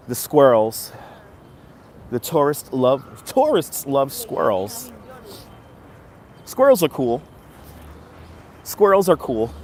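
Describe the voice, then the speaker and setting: Out on a city street with his phone, an upbeat man hosts a casual live stream, welcoming viewers by name and encouraging them. His voice sits in the mid range, and a little hiss or hum runs under the audio.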